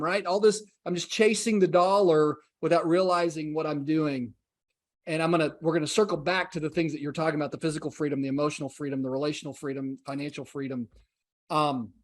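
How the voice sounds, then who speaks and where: A man in his forties, a podcast guest telling his story in an earnest, reflective way and acting out the dialogue he quotes. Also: a little high. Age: 40s.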